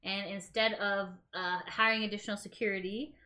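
A woman's voice: medium pitch, little pitch movement, fairly quick, bright, forceful tone. A Canadian woman co-hosting a podcast, chatting casually with dry, blunt remarks. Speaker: podcast co-host. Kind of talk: casual chat.

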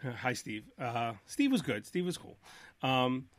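A man's voice: mid-range voice, big pitch swings, measured pace, dry recording. A man hosting a podcast, telling a long story in casual chat and acting out both sides of phone calls. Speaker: podcast host.

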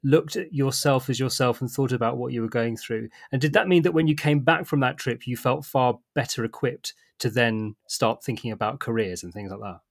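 A man, an interviewer asking long, softly hedged questions. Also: mid-range voice, a little fast, gravelly, few pauses. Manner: hedging questions with frequent "sort of" and "I suppose". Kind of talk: conversational interview.

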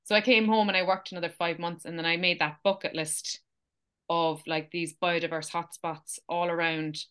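Bright-voiced chatty Irish young woman. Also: fairly low pitch, moderate pace, smooth. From Ireland. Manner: animated, chatty, laughs often, many fillers. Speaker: interview guest. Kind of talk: casual storytelling.

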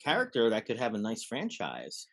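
Guy hosting a chat, excited about his stories, lots of ums and likes. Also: on the low side, normal speed. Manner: enthusiastic, tells anecdotes with filler words. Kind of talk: casual chat.

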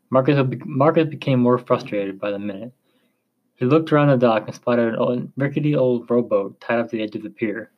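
A man narrating a chapter of a story in a slow, measured reading voice. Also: mid-range voice, lo-fi sound.

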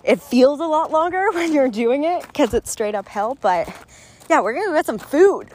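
A young woman chatting casually in a travel vlog, full of "like" and quick laughs, recorded on a phone. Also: high voice, lively intonation, darkish tone. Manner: chatty, laughs often, lots of "like". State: out of breath. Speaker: travel vlogger. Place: outdoors on a hiking trail.

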